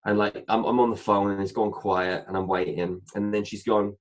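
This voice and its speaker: A man's voice: on the low side, brisk, hardly any pauses. A man, a guest in a casual interview, telling a long story and acting out the dialogue. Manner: animated anecdote-telling, acting out dialogue with many "I said" asides.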